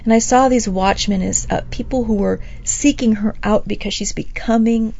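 A woman giving a sermon-style Bible teaching, animated, acting out the people she quotes and laughing between phrases. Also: on the high side, normal speed, vocal fry. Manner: animated, acts out quoted speakers. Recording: dull, lo-fi, dry.

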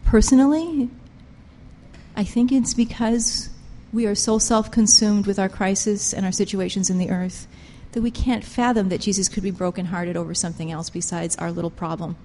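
A woman's voice: mid-range voice, fairly even intonation, normal speed, slight background noise. Woman preacher, fervent and emphatic, echo hanging in a big hall. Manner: impassioned, emphatic, rises and drops sharply in loudness. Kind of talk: sermon.

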